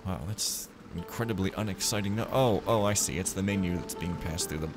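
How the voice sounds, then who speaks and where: Music plays behind a low-pitched man who speaks fairly quickly while playing a stealth game for a let's play. He rambles casually and playfully, cracking jokes to himself.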